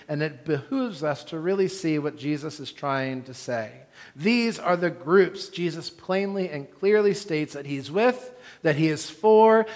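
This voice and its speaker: A male pastor delivers a sermon in a church sanctuary, speaking in a slightly high voice. He talks earnestly and conversationally, tossing casual asides to the congregation. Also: a bit bright, in a large hall.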